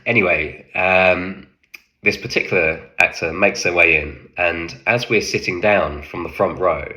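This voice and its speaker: Deep bright-toned man telling a story. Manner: halting, full of fillers, acts out quoted lines. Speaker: film extra recounting set experience. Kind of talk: casual anecdote.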